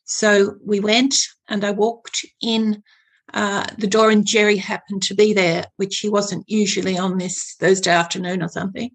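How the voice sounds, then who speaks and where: A woman guest on a podcast, telling her story in a hesitant way with many pauses and fillers. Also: medium pitch, flat delivery. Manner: hesitant, searching for words. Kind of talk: interview storytelling.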